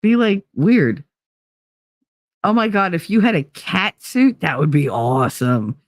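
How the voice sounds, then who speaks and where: A woman's voice: lowish voice, very animated, unhurried, no echo, studio quality. A woman hosting a livestream talk show, chatting casually and reading viewer comments, blunt, swearing freely and laughing easily.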